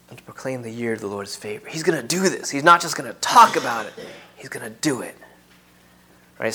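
A man's voice: fairly high pitch, sharp tone. A man preaching an earnest sermon, teaching through a Bible passage and repeating key phrases for emphasis.

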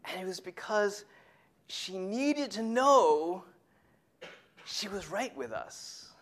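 Slow, animated preacher with hushed emphasis. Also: medium pitch. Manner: drops to a hushed whisper for emphasis; tells a family story to make a point. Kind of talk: sermon.

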